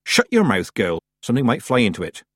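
A male narrator puts on a commanding old witch woman who scolds and snaps. Her voice is husky and a touch raised, full of lively ups and downs. It is a dry, close audiobook reading. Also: mid-range voice, normal speed, dry recording. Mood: scolding. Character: stern, sharp-tongued old witch woman. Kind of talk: audiobook character voice.

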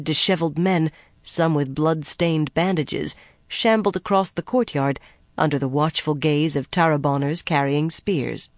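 An audiobook narrator reading fantasy prose in an even, steady way. The voice is close and completely dry, with nothing behind it. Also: medium pitch, no echo.

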